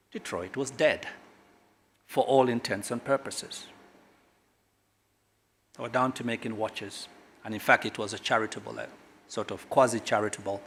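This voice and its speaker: A middle-aged man from Kenya, a government guest speaker at a corporate launch, speaks emphatically and swings sharply between loud and quiet. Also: medium pitch, slightly rough. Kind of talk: public speech at a corporate launch.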